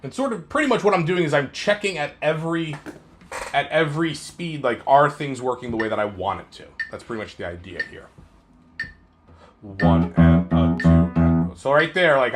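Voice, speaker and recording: Role: guitar teacher. Style: live practice commentary. Sex: man. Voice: fairly high, relaxed, self-coaching. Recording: guitar playing in the mix. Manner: counts aloud in a slow sing-song, then talks through his playing.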